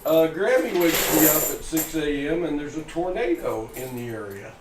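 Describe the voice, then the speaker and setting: A middle-aged man hosting a coin-hunting livestream in a folksy, chatty way. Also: fairly high pitch. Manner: chatty, folksy, laughs at his own jokes. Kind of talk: casual live-stream chat. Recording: echoey room, from far off, noisy.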